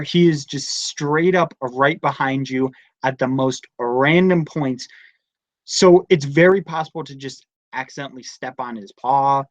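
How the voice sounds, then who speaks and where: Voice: medium pitch, no room sound. Rambling young live-streamer, dull dry sound. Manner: rambling, chatty storytelling. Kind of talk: casual live-stream chat. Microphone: device camera mic close up.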